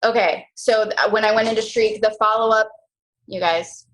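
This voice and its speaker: A young woman leading a team coaching call, chatty and animated, full of slang and quick asides. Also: a little hiss or hum, low-quality recording. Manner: animated, chatty, slangy, jumps into high mock voices. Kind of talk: casual motivational team call.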